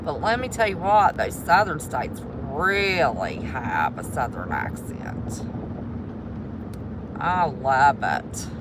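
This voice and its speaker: A woman's voice: low-pitched, big pitch swings, slow pace, noisy background. A West Virginian woman live-streaming from her car on a mountain drive. She chats in a folksy way and calls her viewers "y'all.". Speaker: vlogger. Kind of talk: casual livestream commentary. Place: inside a car driving mountain roads. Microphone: handheld phone while driving.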